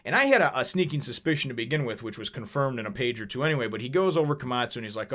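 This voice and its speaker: A man's voice: medium pitch, animated, racing, hardly any pauses, fairly bright tone. A man casually reviewing a manga chapter in a vlog, rambling and chatty, with plenty of swearing.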